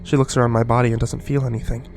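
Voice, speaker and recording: A man narrating a first-person horror story in a scripted, hushed delivery. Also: medium pitch, level tone, very fast, faint music behind.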